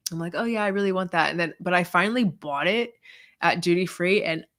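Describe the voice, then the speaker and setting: A woman's voice: lowish voice, a little fast, a bit bright, no echo, studio quality. A woman hosting a casual livestream Q&A, answering viewers in a chatty, rambling way full of "like" and "um". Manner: chatty, filler-heavy, lots of "like" and "um". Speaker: fragrance reviewer hosting a livestream.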